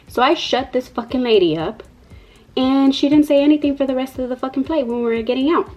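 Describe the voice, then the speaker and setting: Over a rough recording, a young mom tells a chatty vlog story packed with swearing and filler words such as "like" and "you know." She speaks a little fast, in a slightly high, slightly mellow voice.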